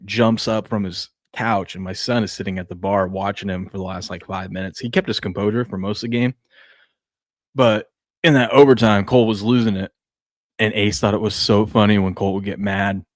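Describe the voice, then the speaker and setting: Low-pitched guy co-hosting a sports show, easygoing storyteller, dry close sound. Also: steady tone, fairly quick, no room sound. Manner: laid-back storytelling with laughs. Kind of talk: casual chat.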